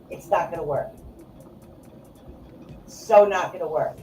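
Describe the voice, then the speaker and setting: A woman's voice: lowish voice, slow pace, gravelly, pauses often. A woman podcast host ranting in anger, swearing and repeating herself. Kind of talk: angry off-the-cuff rant. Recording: echoey room, voice from far off, faint music.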